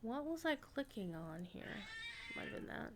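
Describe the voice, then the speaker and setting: A woman's voice: fairly high pitch, sing-song, moderate pace, background noise. A woman streaming an online role-playing game, chatting casually as she plays and talking to her pets. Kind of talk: casual gameplay commentary.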